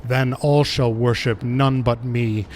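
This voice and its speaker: A man reading the lines of a haughty, menacing female wind goddess from a video game, slow and grandiose. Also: medium pitch, fairly even intonation, a little mellow, lightly acted.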